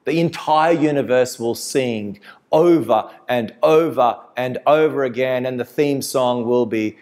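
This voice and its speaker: A man preaching a sermon with emphasis, repeating key phrases, swinging from loud passionate peaks to quiet, soft endings. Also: mid-range voice, unhurried.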